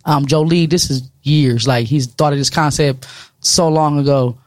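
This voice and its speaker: A woman's voice: sits low, moderate pace, no room sound. A woman guest on a studio podcast, chatting casually, laughing often and acting out what others said. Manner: animated, laughs often, acts out quotes. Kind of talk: casual chat.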